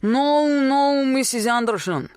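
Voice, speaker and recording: A narrator voicing a young Polish male farmhand who speaks halting broken English with a strong Polish accent, pitched well above the narrator's own voice. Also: clear, resonant tone, dry recording, studio quality. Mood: eager.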